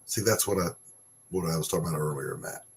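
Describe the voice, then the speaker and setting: A low-voiced man holds forth in a blunt, sarcastic rant, with frequent swearing. He keeps the casual talk of a host speaking off the cuff. A faint hiss of noise sits under his voice. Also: quick pace, creaky. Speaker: podcast host. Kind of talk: casual opinion monologue.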